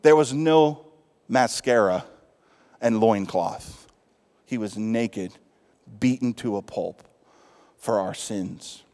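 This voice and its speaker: A man with a Texas accent, a pastor preaching a lively sermon in a church, swinging from loud calls to hushed asides. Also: on the low side. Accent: Texan. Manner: lively preaching with big swings in loudness, asides and quick jokes. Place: church sanctuary. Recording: long hall reverb.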